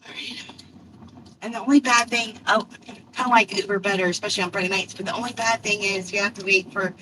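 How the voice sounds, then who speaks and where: Older Kentucky woman, country accent, rambling chatty delivery driver streaming from her car, mic a bit far off with faint road noise. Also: medium pitch. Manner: rambling, chatty, self-deprecating. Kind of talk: casual chat. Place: in a car while driving.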